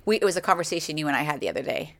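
A woman's voice: deep voice, animated, rapid-fire, dry recording. A woman in her forties co-hosting a podcast, chatting casually with friends, retelling conversations and laughing often. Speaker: podcast co-host. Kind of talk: casual chat among friends. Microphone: studio mic.

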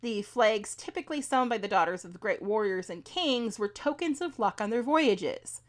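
A woman's voice: medium pitch, animated, moderate pace. A woman co-hosting a podcast in casual chat, reading folklore notes with many ums and laughing at her own mispronunciations. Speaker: podcast co-host.

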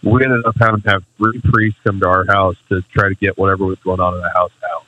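A man's voice: deep voice, flat delivery, quick pace. A man co-hosting a podcast, sharing a reflective personal testimony in casual talk. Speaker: podcast co-host. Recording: dull lo-fi mic.

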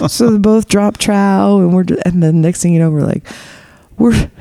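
Woman, casual storytelling, giggly, lively pitch, gravelly, dry close mic. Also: takes it slowly, pauses often, no room sound. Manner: giggly, animated, lots of fillers and voiced impressions.

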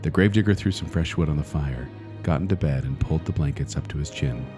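A man podcast host reading a spooky children's story aloud in a deliberate manner that builds suspense. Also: rumbling low, over music.

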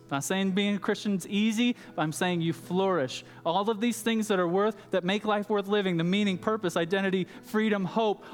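A man preaching a sermon, chatting casually with the congregation and telling a story. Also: sits high. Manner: conversational, with casual fillers and asides to the audience. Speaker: pastor. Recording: roomy hall reverb with faint music.

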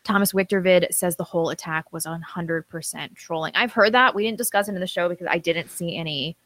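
A woman's voice: on the low side, brisk, a bit bright, dry recording. A woman co-hosting a live-stream talk show, reading viewer comments aloud and chatting casually. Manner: reads superchats aloud, chatty with fillers.

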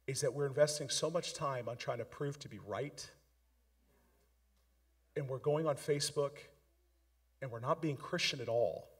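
A man's voice: medium pitch, breathy edge. A man preaching a sermon with impassioned, emphatic delivery.

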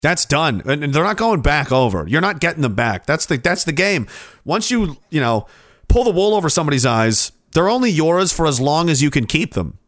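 A man's voice: fairly high pitch, sing-song, a little fast, a bit bright, no echo, studio quality. A man ranting on a livestream, heated and sarcastic, swearing often and reading out chat messages. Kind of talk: profane political rant on a livestream.

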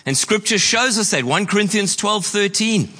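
A man preaches a sermon in a church hall, his voice high and bright. He stretches key words slowly for weight. The room carries a long reverb. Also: expressive, slightly rough. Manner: preaching with emphatic slow stresses and quoted voices. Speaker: pastor.

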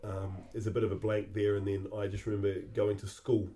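A middle-aged man, hosting a podcast and telling a personal memory in a halting, reflective way that often repeats words. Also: on the low side, completely flat delivery, mellow, slight background noise. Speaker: podcast host.

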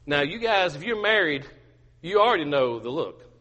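High, bright-voiced preacher in a ringing hall. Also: male voice, very animated, normal speed. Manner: emphatic, repetitive, humorous asides. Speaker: pastor. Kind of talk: sermon.

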